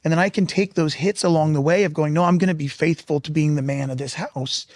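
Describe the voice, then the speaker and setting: A man with a fairly high speaking voice tells stories in a candid roundtable, acting out quotes and breaking into laughter. The sound is dry and close. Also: fast, no echo. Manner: animated storyteller who acts out quotes and laughs. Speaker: roundtable guest.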